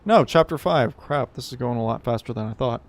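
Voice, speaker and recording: A man's voice: medium pitch, a little fast. A man casually commentating while streaming a video game, joking, sarcastic and rambling.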